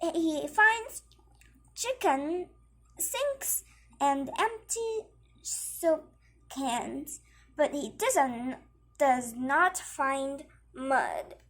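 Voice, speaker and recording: A woman reading a children's picture book aloud, slowly and haltingly. She stumbles and corrects herself often. Her voice is high and moves up and down a lot. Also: lively intonation. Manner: halting, with frequent slips and self-corrections.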